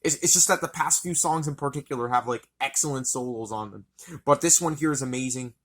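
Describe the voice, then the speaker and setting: A man's voice: mid-range voice, fairly quick, a bit bright. A man reviewing an album in a casual, rambling, enthusiastic way, swearing often.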